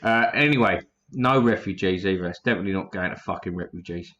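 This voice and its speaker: A man's voice: low-pitched, fast talker, fairly bright tone. A man hosting a casual livestream, reading chat names aloud in a blunt, profane way.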